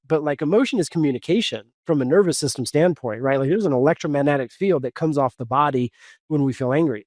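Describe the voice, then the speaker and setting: Man, coach, storytelling, fairly high voice, dry close sound, lots of fillers and restarts. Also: no echo. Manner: animated, many fillers and restarts. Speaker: coach, podcast guest. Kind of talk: storytelling in podcast conversation.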